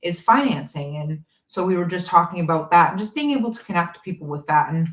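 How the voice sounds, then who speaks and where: A woman's voice: fairly low pitch, expressive, a little fast, fairly bright tone. A woman co-hosting a podcast, talking in a loose, conversational way. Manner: conversational, with restarts. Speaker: podcast co-host. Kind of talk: casual podcast talk. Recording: echoey room.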